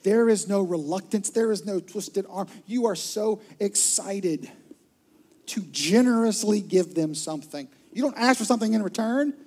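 A man preaching a sermon to his church, telling stories with lively, acted-out voices. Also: high-pitched, normal speed. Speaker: pastor. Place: church auditorium with a live audience.

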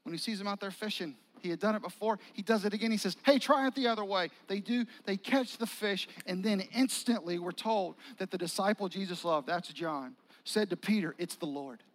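A man preaching a sermon in a conversational, animated storytelling manner, often acting out what people said and joking with the congregation. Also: high-pitched, a little fast, hardly any pauses, low-quality recording. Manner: animated, conversational, acts out quotes and jokes. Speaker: pastor.

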